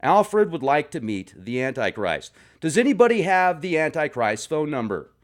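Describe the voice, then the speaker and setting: A man's voice: fairly high pitch, big pitch swings, normal speed. A man hosting a comedic vlog from his garage, reading viewer comments in a playful, sarcastic manner. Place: home garage.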